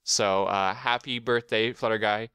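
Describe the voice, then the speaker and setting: A man's voice: lowish voice, steady tone, unhurried, sharp tone, smooth, dry recording, clean studio sound. A young man hosting a casual podcast, joking and rambling with lots of fillers. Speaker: podcast host. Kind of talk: casual chat.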